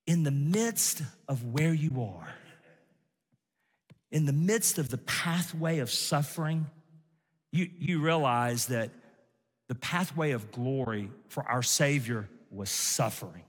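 A man's voice: mid-range voice, animated, slow, pauses often, husky, big-room sound. A male pastor preaching an emphatic sermon to a congregation, with asides to the listeners.

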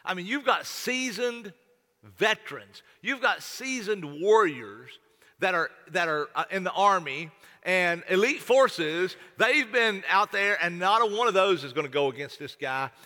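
Folksy pastor preaching, keeps restarting, bright edgy voice, big church hall reverb. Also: male voice, sits high, expressive, measured pace. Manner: folksy, repetitive, stammering restarts. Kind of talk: sermon.

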